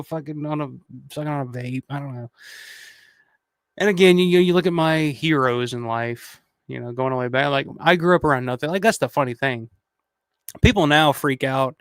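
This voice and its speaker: The clean, dry studio recording features a thirtysomething man hosting a casual livestream. Speaking at a fairly high pitch, he reads viewer comments and rambles with lots of swearing and restarts.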